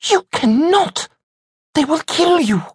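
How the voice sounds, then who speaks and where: A man's voice: very high-pitched, big pitch swings, measured pace, dry recording, clean studio sound, voice pushed up, heavily acted. A man voicing a loyal young woman, a tearful friend who cries out and swears an oath in a choked, vehement way. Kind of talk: audiobook character voice.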